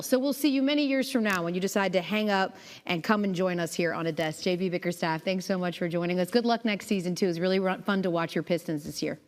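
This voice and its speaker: A woman's voice: on the low side, quick pace, few pauses, in a large hall. A woman hosting a sports broadcast, polished and conversational as she tees up questions. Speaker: sports show host.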